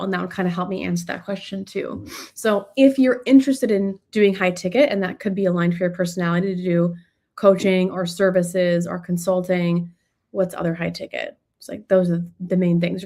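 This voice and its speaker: Woman coaching casually on a live stream. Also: mid-range voice. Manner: conversational, loose, with fillers and restarts. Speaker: business coach.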